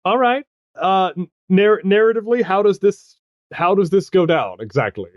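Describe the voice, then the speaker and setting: A man narrating a tabletop role-playing game as game master, chatty and halting, often laughing as he goes. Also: high voice, expressive, dry recording, highs cut off.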